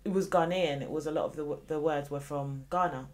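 A woman co-hosting a casual chat show, reading out definitions and adding lively asides. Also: low-pitched, brisk. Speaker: podcast co-host.

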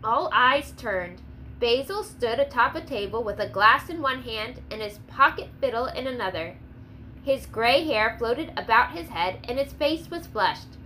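A woman reads a historical story aloud with expressive narration. Her voice is high and bright. A faint hiss runs under the recording. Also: measured pace, low-quality recording. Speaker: audiobook narrator. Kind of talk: scripted narration.

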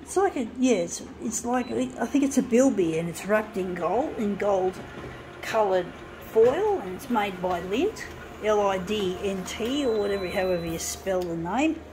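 A woman's voice: medium pitch, vocal fry, a little mellow, slight background noise, poor audio. A woman ranting angrily and swearing while working on a craft project, indignant and blunt. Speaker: craft vlogger.

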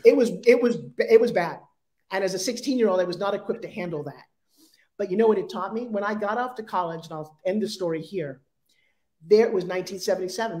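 A woman in her fifties with a Long Island accent, a guest telling personal stories in an interview and acting out the people in them. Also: medium pitch. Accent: Long Island New York. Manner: animated, acts out voices in her stories. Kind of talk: storytelling in an interview.

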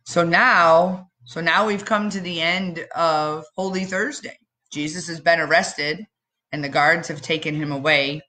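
A woman giving a children's message in church, telling the story expressively with dramatic pauses and questions to the kids. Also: on the low side, fairly even intonation, bright, forceful tone.

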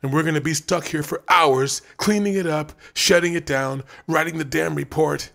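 A man's voice: a little high, normal speed, gravelly, a bit bright, voice pushed up. A man voicing a frustrated, blustering young male clerk who complains and panics. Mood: complaining.

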